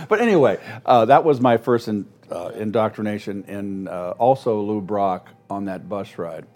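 A low-voiced man in his sixties spins animated stories as an interview guest. He acts out the voices of people he quotes and often breaks into laughter. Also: moderate pace. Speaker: guest, former ballplayer. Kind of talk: storytelling interview.

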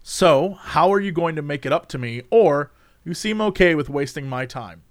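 A man's voice: on the high side, animated, normal speed, dry recording, clean studio sound. A young man hosting a casual chat, reading quiz questions aloud and joking about the answers, with some swearing. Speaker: host.

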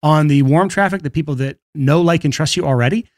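Male solo podcast host, rapid and casual, slightly high voice, dry sound. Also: no echo. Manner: brisk, casual, laughs between points. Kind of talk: solo podcast monologue on marketing.

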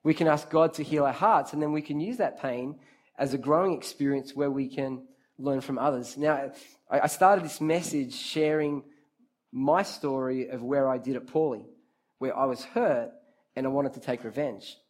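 A man with a mid-range voice, speaking at normal speed, preaches an interactive sermon to a youth group. He is lively, talks straight to his listeners, calls on them by name, and repeats key phrases for emphasis.

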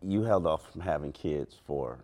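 A man's voice: rumbling low, expressive, moderate pace, darkish tone. A middle-aged man co-hosting a podcast in casual chat, thoughtful and a little hesitant, asking questions. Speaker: podcast co-host.

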